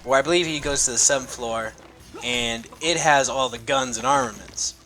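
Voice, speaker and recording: A man's voice: mid-range voice, normal speed, sharp tone, a little hiss or hum. A young man casually reviewing a comic, rambling and swearing with enthusiasm.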